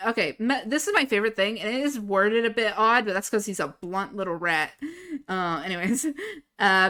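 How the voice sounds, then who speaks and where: A young adult woman streamer in casual chat, excitable, swearing and laughing often as she talks about her own story. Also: mid-range voice, moderate pace. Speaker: livestreamer.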